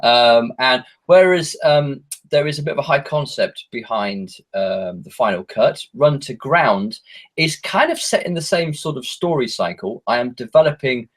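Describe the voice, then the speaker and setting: Husky, hesitant English man. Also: medium pitch, animated, moderate pace. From England. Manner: hesitant, many ums, self-mocking. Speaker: guest horror author. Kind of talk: casual podcast chat.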